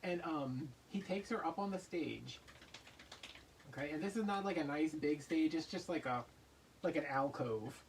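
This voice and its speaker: A man hosting a craft vlog, telling a story in a casual, animated way and acting out voices in his anecdotes. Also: on the high side, moderate pace, distant mic, a little hiss or hum, low-quality recording. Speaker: craft channel host.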